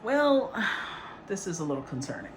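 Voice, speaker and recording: A woman giving a casual, rambling tarot reading, chatty and quick to laugh. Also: low voice, huge pitch swings, a little mellow, a little hiss or hum. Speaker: tarot reader.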